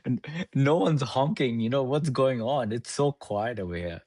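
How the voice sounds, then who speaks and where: A man's voice: mid-range voice, expressive, moderate pace, darkish tone, no echo, clean studio sound. A man from India, a podcast guest, telling a childhood story in casual chat, laughing often and acting out his own past lines.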